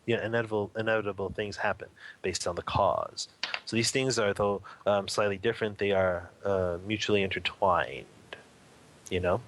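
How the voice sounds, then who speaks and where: A man's voice: on the low side, fairly even intonation, moderate pace, fairly bright tone, a little hiss or hum. A man as an interview guest, telling a Buddhist story and explaining its teaching in a rambling, casual way with many fillers.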